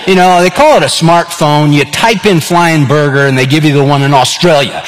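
A man, preaching a sermon and telling stories in an animated way. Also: on the high side, moderate pace, few pauses. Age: 50s. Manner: animated storyteller, acts out dialogue. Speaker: pastor. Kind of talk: sermon with personal storytelling. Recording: long reverb of a large hall.

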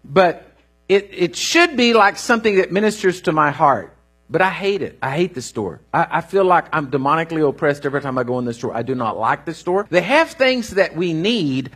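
Husky, animated preacher man. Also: high voice. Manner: animated, folksy storytelling with rising bursts. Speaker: pastor. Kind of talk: sermon.

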